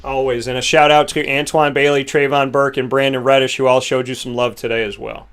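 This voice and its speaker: A young man hosting a casual interview, telling stories in an animated, emotional way. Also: medium pitch, fairly quick, clean tone. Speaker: podcast host.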